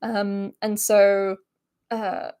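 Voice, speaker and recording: A woman's voice: medium pitch, little pitch movement, drawn-out words, dark tone, smooth. A woman co-hosting a casual stream, chatting loosely with lots of fillers and reading a story aloud. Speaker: co-host.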